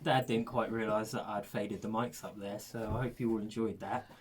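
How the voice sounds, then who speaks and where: A man's voice: lowish voice, fairly even intonation, moderate pace, slight background noise. A young man co-hosting a radio show in casual, teasing banter, laughing often. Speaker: radio co-host.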